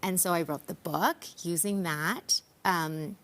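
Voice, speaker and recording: A woman's voice: lowish voice, slow pace, a bit bright. A woman counsellor explaining her ideas in a friendly, conversational way during a morning news interview. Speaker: counsellor and author guest.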